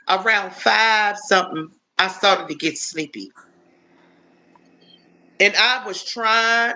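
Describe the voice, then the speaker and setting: A woman's voice: medium pitch, pushed and bright, rough recording. A woman in her fifties chatting casually on a live stream, rambling through stories with lots of restarts. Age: 50s.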